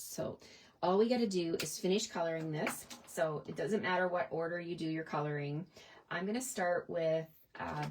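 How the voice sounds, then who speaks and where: A middle-aged woman in a casual, chatty craft tutorial, talking through her stamping steps at a desk and often asking "right?". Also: deep voice. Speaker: card-making demonstrator.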